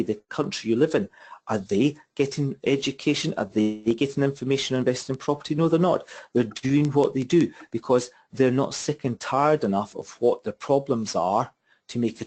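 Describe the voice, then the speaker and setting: A man's voice: mid-range voice, darkish tone. A man giving a property investment webinar as mentor, chatty and repetitive, asking his listeners rhetorical questions over a computer mic. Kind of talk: webinar presentation. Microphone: computer mic on a webinar call.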